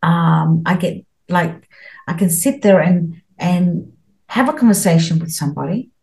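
A woman's voice: fairly low pitch, a little slow, vocal fry, warm tone, low-quality recording. A middle-aged woman as an interview guest, talking earnestly and at length, with many restarts and fillers. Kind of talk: interview, spiritual experiences.

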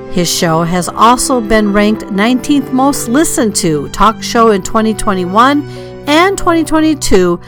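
Woman, podcast host, mid-range voice, upbeat welcomes, drawn-out name reads, faint music. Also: mid-range voice, a bit bright. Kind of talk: podcast introduction.

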